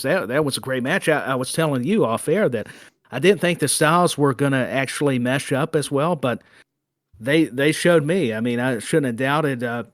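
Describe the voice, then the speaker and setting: A man co-hosting a podcast, chatting casually about wrestling in an animated, joking way with many restarts. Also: mid-range voice, no echo, studio quality. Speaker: podcast co-host.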